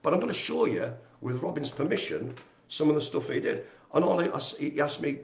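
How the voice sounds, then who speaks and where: A man's voice: a little high, sing-song, moderate pace, vocal fry. A man hosting a live community stream, chatty, jokey and rambling, poking fun at himself as he goes. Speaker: host of a live community broadcast. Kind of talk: casual live-stream chat. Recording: echoey room.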